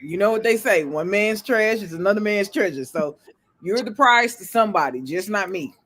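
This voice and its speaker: A man with a noticeably high voice and co-hosts a casual podcast. He is animated and jokey, laughing easily between points. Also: moderate pace, a little hiss or hum. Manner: animated, joking, laughs often. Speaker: podcast co-host. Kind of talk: casual chat.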